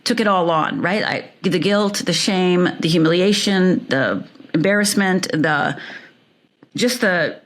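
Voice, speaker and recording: A woman's voice: on the low side, slow. A woman from Upper Michigan telling her life story as an interview guest, vivid and emphatic, repeating phrases for effect.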